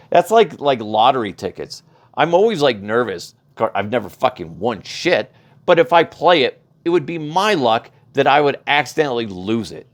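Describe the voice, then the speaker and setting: A man hosting a podcast, ranting casually and profanely through funny news headlines, often stumbling and restarting. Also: a little high. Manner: rambling, profane, laughs at own jokes, does mocking voices. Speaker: podcast host. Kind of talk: casual comedic headline rant.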